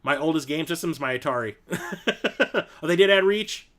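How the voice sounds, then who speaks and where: A young adult man with a fairly high, animated voice hosts a casual live-stream chat at normal speed. He rambles through stories, laughs often and acts out quotes loudly.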